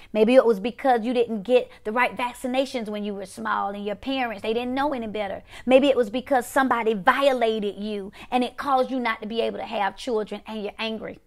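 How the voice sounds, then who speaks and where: Emphatic woman preacher, slightly high voice. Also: creaky. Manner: emphatic, repetitive, drops to quiet one-word punches. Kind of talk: prophetic preaching to a viewing audience.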